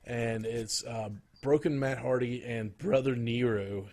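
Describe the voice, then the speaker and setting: A podcast co-host with a mid-range, steady, slightly mellow voice chats casually, rambling through his stories with plenty of pauses, fillers, restarts, and searching for words. His tone stays loose and conversational the whole way through.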